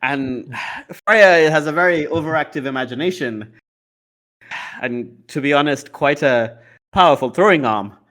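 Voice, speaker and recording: Casting note: haughty lawyer, formal and condescending, slightly high voice voiced by a man. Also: a little slow, a bit bright. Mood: imperious. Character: imperious smooth-talking male lawyer.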